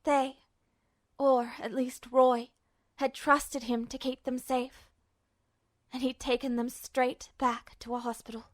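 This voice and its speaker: A woman reading fan fiction aloud as a podfic narrator, in a measured, steady way. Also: high voice, no echo, clean studio sound. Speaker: podfic reader.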